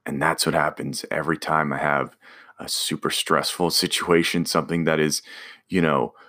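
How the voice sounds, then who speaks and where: A man's voice: rumbling low, little pitch movement, normal speed, sharp tone. A man casually telling a personal story about a driving job, rambling with restarts and fillers.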